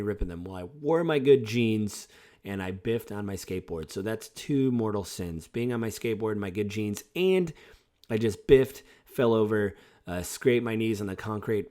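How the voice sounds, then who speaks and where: A man's voice: on the low side, darkish tone. A man in his forties hosting a personal podcast, talking in a reflective, rambling way with many fillers. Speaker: podcast host.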